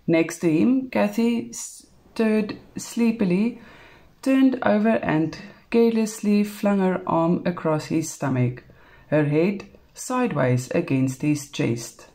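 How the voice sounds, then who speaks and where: A woman with a South African English accent, calmly reading a novel aloud, unhurried, with small slips. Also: lowish voice. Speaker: storybook reader.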